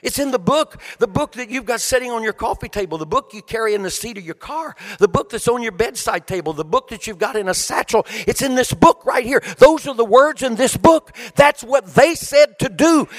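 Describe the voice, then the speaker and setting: A male preacher with a high, ringing voice delivers his sermon in a rolling, sing-song cadence. He climbs to shouted peaks, then sinks to near-whispered lines. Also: animated, a little fast, hardly any pauses, big-room sound. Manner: swings from shouted peaks to hushed quiet delivery.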